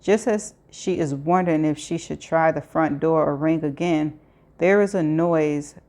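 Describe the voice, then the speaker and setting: A woman reading a novel aloud in a steady way, with small restarts. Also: deep voice, measured pace. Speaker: audiobook reader.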